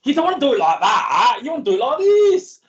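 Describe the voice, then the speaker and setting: A man doing a loud, high-pitched nagging know-it-all who knocks down every idea he hears. The sound is a little muffled, like online call audio. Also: wildly swooping pitch, fast talker, full character voice. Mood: scolding. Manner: shrill, know-it-all, dismissive. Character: bossy nagging male inner critic.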